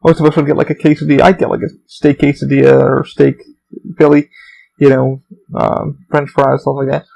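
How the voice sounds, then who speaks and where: A man's voice: mid-range voice, level tone, a little fast, gravelly, warm tone, a little hiss or hum, rough recording. A young man hosting a solo podcast, rambling through stories with lots of swearing and fillers, acting out other people in raised voices. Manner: profane, rambling storytelling with many fillers. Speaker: podcast host.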